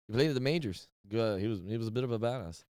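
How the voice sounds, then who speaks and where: A man's voice: medium pitch, rapid-fire, darkish tone, smooth, dry recording, studio quality. A man in a casual podcast chat, teasing and skeptical as he tells his own stories.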